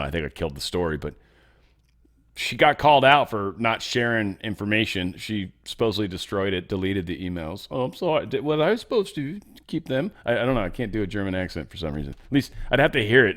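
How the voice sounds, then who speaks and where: A man's voice: lowish voice, fairly bright tone. A man hosting a casual news commentary show, rambling through stories with joking asides and loose tangents. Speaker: host.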